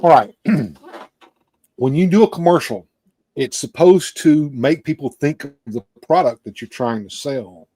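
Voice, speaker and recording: Animated male live-stream host. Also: fairly high pitch, measured pace, slightly rough, dry recording. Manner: animated, repeats words when excited. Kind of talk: late-night live stream chat.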